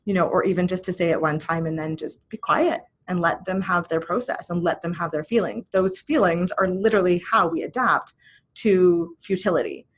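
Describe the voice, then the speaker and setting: A woman in her thirties giving a casual spoken talk, gentle and reflective, with soft laughs slipping into her sentences. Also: on the low side, moderate pace. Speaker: host.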